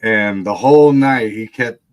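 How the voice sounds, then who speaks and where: A man's voice: lowish voice, measured pace, dull audio. A man telling a wild family story in casual chat, laughing often, swearing freely and mimicking the people he quotes. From Texas. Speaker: guest storyteller.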